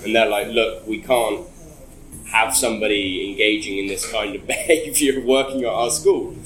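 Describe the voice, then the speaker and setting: A man's voice: lowish voice, steady tone, normal speed, a bit bright, roomy sound, a little hiss or hum, poor audio. A man casually telling a long, rambling story in an interview. He swears often and laughs between phrases.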